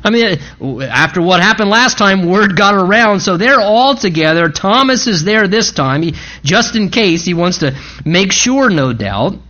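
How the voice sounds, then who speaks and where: Pastor, sermon, conversational, emphatic, repeats phrases, very animated pitch, muffled lo-fi recording. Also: a little slow. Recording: dull lo-fi recording.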